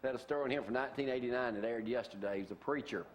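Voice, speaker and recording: A man's voice: medium pitch, rapid-fire, a little hiss or hum. A man with a Southern US accent hosting a local morning talk show, joking with guests and reading from articles. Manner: folksy, joking, reads articles aloud.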